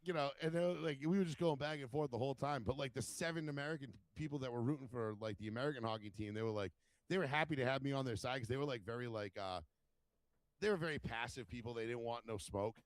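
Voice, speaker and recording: A man's voice: medium pitch, fast. A man talks in a mid-range voice, swearing freely and acting out quoted voices as he tells stories. The sound is dry and close, with no room echo. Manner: profane, animated storyteller acting out quotes. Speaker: podcast co-host. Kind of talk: casual chat, storytelling.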